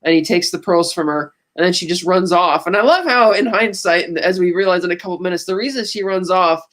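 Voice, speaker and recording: Guy with a highish voice retelling movie scenes on a podcast, lots of quoting and restarts. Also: brisk, fairly bright tone. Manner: retells scenes with quoted lines, many restarts. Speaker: podcast co-host. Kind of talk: casual movie recap chat.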